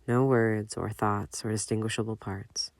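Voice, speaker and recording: A man reading a fan-fiction audiobook aloud in a measured, unhurried way. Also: on the low side, flat delivery, no room sound. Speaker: audiobook narrator.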